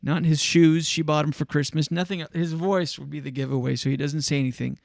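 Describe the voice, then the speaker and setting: A man's voice: a little high, brisk, gravelly, dry recording, clean studio sound. A male show host in casual solo talk, telling a story with energy and acting out the people in it. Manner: animated storytelling, acts out quotes.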